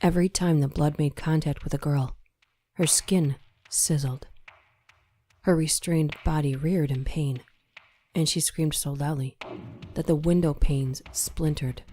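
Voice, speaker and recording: A woman narrating a horror story in a measured, dramatic storytelling manner. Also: sits low, fairly even intonation, mellow, a little hiss or hum. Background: faint music.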